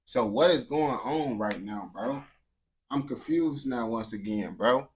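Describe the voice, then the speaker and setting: A young man talks straight to his viewers in a loose, wandering way. He fills every pause with bro and questions, and his voice sits in an ordinary middle pitch. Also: lively intonation. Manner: loose, rambling, talks to chat, says bro a lot. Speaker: streamer reacting to a video. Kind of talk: casual live reaction chat.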